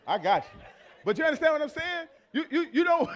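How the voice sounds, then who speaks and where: A man's voice: extremely high pitch, big pitch swings, brisk. A man in his thirties preaching a sermon, blunt and playful, talking straight to the congregation.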